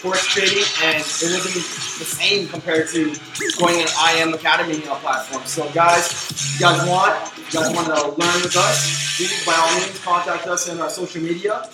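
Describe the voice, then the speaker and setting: A man's voice: fairly high pitch, steady tone, moderate pace. A man hosting a casual podcast, upbeat and keeps calling out to his listeners. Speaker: podcast host. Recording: roomy room with loud music behind.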